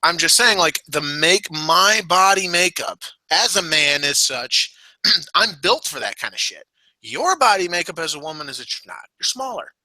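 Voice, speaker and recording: A man's voice: on the high side, animated, normal speed, sharp tone, no echo, low-quality recording. A man co-hosting a casual wrestling podcast, rambling and blunt, often restarting his sentences. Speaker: podcast co-host.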